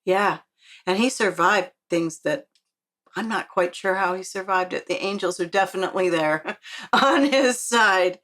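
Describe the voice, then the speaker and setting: Speaking at a measured pace in a mid-range, fairly bright voice, a female author shares stories as an interview guest. She is chatty and sincere, laughs frequently, and acts out the quoted lines.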